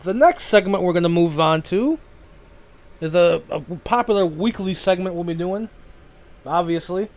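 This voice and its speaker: A man's voice: high voice, a little slow, pauses often. A man hosting a casual solo podcast, rambling and correcting himself, swearing now and then. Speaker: podcast host.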